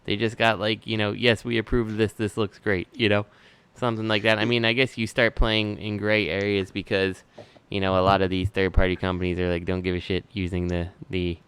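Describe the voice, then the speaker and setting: A man's voice: on the low side, flat delivery, a little fast, a bit bright, clean tone. A man co-hosting a casual podcast chat, full of fillers like "like" and "you know". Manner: filler-heavy, says like a lot. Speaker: podcast co-host. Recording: dry close sound.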